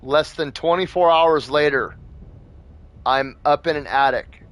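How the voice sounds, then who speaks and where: A man's voice: a little high, a little slow, no echo. Rambling, foul-mouthed man telling a story. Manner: rambling, profane, full of fillers. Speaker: gaming channel host. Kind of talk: casual storytelling.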